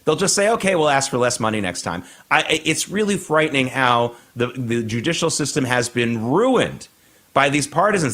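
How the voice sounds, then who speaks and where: A man's voice: medium pitch, a bit bright. A man hosting a morning news show, giving emphatic, indignant commentary.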